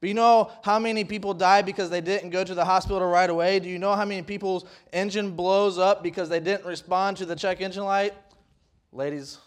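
High-voiced, folksy young preacher man. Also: steady tone, fairly quick. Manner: folksy, rambling with restarts, builds to loud emphatic peaks. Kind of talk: sermon.

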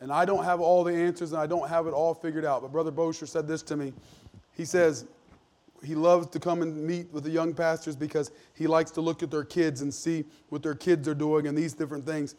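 Pastor, forties, preaching earnest and emphatic, slightly higher voice, folksy restarts. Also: male voice, little pitch movement, fairly quick, darkish tone. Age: 40s. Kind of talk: sermon.

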